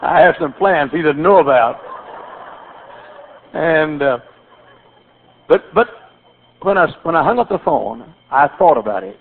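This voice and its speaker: A man's voice: fairly high pitch, animated, unhurried, long pauses, breathy edge. An older man preaching a sermon as pastor, telling folksy stories with repeated phrases and stammered restarts. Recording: tinny phone-like sermon recording.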